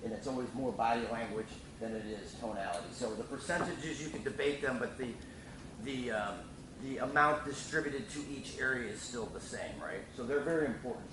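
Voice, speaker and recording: A middle-aged man talks through a sales training lesson in a loose, repetitive way, full of fillers and restarts. He sits some distance from the mic in a reverberant room, with steady background noise. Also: mid-range voice. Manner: casual, repeats himself, many fillers and restarts.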